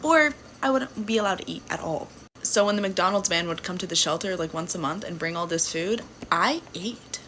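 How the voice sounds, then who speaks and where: A woman's voice: medium pitch, a bit bright, slight background noise, rough recording. A woman in her twenties telling her own story in a casual vlog, sassy and blunt, swearing freely. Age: 20s.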